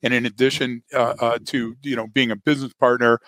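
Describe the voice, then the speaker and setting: A man's voice: mid-range voice, little pitch movement, fairly quick, a bit bright, dry recording. A man talking as a guest on a podcast, casual and rambling, full of fillers and self-deprecating jokes. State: hearing loss.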